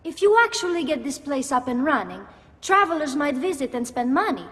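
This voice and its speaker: An actress voicing a sharp-tongued young noblewoman in a video game, speaking in a sarcastic, clipped way. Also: high voice, animated, a little fast. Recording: reverberant game audio.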